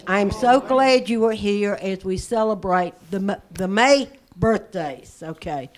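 A woman's voice: medium pitch, unhurried. Upbeat woman hosting a party. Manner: upbeat, chatty, jokey. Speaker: event host.

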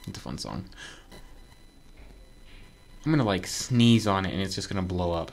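A man playing a platform game and commenting as he goes, excitable and joking, yelping when something surprises him. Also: on the low side, moderate pace, pauses often. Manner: excitable, talks to himself, yelps when surprised; joking asides to viewers. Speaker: gaming video creator. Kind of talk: casual let's-play commentary.

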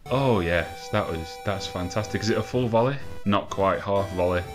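A young man giving casual, sweary commentary on a football management game, rambling between excited outbursts. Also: low-pitched, brisk, over music. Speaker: gaming let's-play host.

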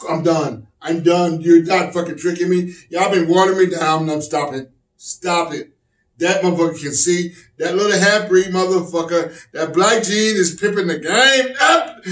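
A man doing stand-up comedy, loud and profane, often shouting. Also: high-pitched, animated, normal speed. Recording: echoey room from distant mic.

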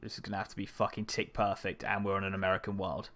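A man in casual gameplay commentary, coaxing and cursing at game characters. His voice sits a little low but has a bright, cutting edge, and he swears freely. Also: completely flat delivery, fast talker. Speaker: gaming channel host.

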